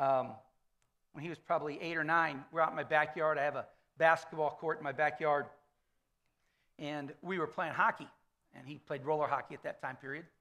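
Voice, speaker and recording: Fifties guy pastor giving a chatty sermon in church, high bright voice, keeps checking in with the crowd. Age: 50s. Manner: conversational storytelling sermon, frequent "okay?" check-ins. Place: church sanctuary.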